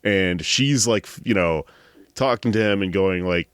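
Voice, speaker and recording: A man's voice: low voice, moderate pace, fairly bright tone, clear, resonant tone, no echo, clean studio sound. A man hosting a podcast, casually retelling a story in a rambling, amused way. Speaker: podcast host.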